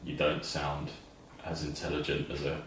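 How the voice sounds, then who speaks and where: A man co-hosting a casual podcast chat, measured, with dry understated humour. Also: a bass voice, completely flat delivery, noisy background. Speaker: podcast co-host. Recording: echoey room, distant mic.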